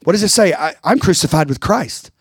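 A man's voice: sits high, lively intonation, a little fast, husky, dry recording, studio quality. A pastor preaching a rousing sermon, calling out to his congregation.

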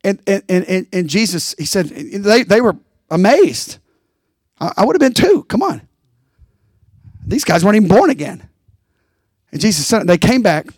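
Male pastor, high voice, rousing preaching, keeps asking the congregation if they're with him. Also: big pitch swings, normal speed, pauses often, darkish tone, no echo, clean studio sound. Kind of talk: sermon.

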